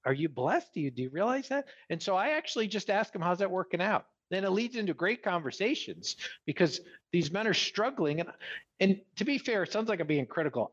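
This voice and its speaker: A man's voice: high-pitched, slightly rough, highs cut off. A man from New York talking earnestly and emphatically as a podcast guest. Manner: earnest, emphatic, animated preaching tone. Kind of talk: casual podcast conversation.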